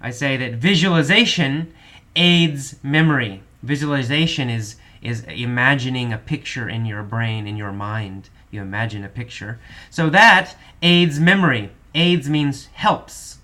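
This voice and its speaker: A male English teacher with a bright, forward voice walks through vocabulary one word at a time. He explains each meaning patiently, repeats definitions, and often pauses with small fillers. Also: medium pitch. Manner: slow, patient explanations with frequent repetition and fillers.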